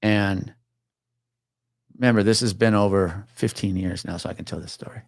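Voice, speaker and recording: Man, 40s, low voice, retired cop, profane animated storyteller, dry mic. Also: moderate pace, gravelly, no room sound. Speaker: podcast guest, retired police officer. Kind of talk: casual storytelling chat.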